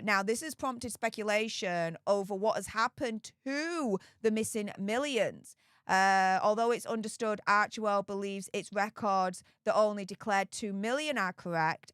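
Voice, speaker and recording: A woman's voice: mid-range voice, a bit bright, smooth, no echo. Chatty woman hosting a gossip channel, talks straight to viewers, dry close mic. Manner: chatty, conversational, addresses viewers as guys. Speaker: YouTube royal gossip commentator. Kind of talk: casual commentary vlog.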